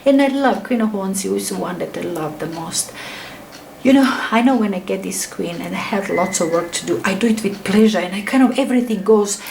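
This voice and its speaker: A woman's voice: medium pitch, brisk, gravelly, a little mellow, a little hiss or hum, low-quality recording. Rambling middle-aged woman reading tarot. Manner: enthusiastic, rambling, often trailing into a near whisper; non-native English phrasing. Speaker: tarot reader. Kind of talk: casual tarot reading to camera.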